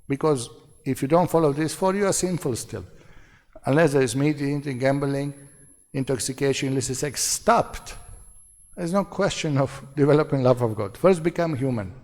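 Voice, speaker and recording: A man's voice: mid-range voice, moderate pace, a little mellow. A man giving a devotional seminar lecture in short, repeated phrases, asking his listeners rhetorical questions. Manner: asks the audience rhetorical questions. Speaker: seminar speaker. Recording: long hall reverb.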